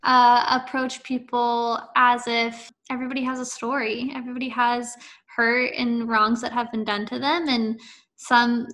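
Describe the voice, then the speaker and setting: A woman's voice: fairly high pitch, a bit bright. A woman hosting a faith-based interview, talking in an encouraging, conversational way. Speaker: interview host.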